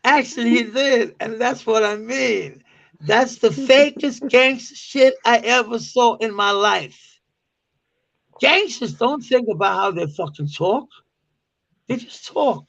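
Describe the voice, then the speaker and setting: Man in his forties, Danish native speaker, live-stream chat, high gravelly voice, unhurried, laughs and curses, dull lo-fi audio. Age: 40s. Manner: laughs often, swears, mocks slang with loud high put-on quotes.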